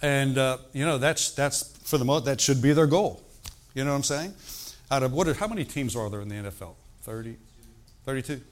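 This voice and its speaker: With a medium-pitched voice and a fairly quick delivery, an older man preaches as a pastor. His style is relaxed and conversational, and he checks in with the congregation often through call-and-response.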